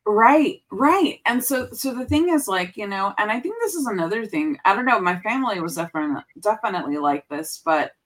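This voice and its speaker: A woman's voice: mid-range voice, animated, a little fast, hardly any pauses, fairly bright tone, rough recording. A woman guest in a casual podcast interview, telling a personal story earnestly with frequent restarts and repeated words.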